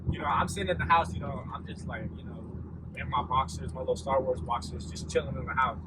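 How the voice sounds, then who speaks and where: Young male vlogger, relaxed storyteller, loose and rambling, some background noise. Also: medium pitch, fast. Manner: laid-back, rambling with many fillers. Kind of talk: casual storytime vlog.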